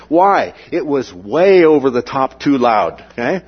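A man with a husky, slightly breathy voice teaches a Bible lesson in an animated way. He keeps asking his listeners "okay?" to check they follow. The recording is dull and lo-fi, with little top end. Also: a little high, measured pace, hardly any pauses.

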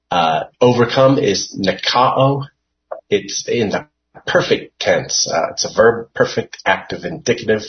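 A man's voice: on the low side, a little slow. A man leading a Bible study, reading scripture aloud and explaining it word by word in a hesitant way with many fillers. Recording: dull lo-fi recording.

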